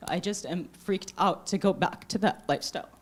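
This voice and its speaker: A woman's voice: lowish voice, fairly quick. A woman in a church congregation asking the pastor a question, speaking hesitantly and rambling with many fillers.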